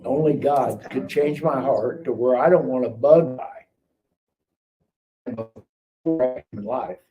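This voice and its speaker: A middle-aged man from the Kansas City area, a guest on a live stream, tells his testimony in casual, animated speech, acting out the people and their quoted dialogue. His voice is medium-pitched and slow. The mic is distant, with faint background noise.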